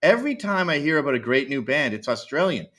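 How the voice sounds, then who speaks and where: A man's voice: a little high, very animated, quick pace, sharp tone. A Canadian man speaking as a podcast guest on a remote call, blunt, provocative and joking in casual conversation.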